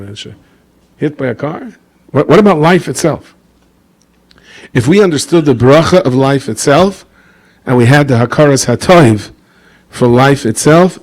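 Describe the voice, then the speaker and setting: Man, rabbi, storytelling sermon, acts out voices, average pitch. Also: a little mellow. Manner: storytelling, acts out quoted voices, asides to listeners. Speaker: rabbi giving a talk. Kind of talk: sermon with anecdotes.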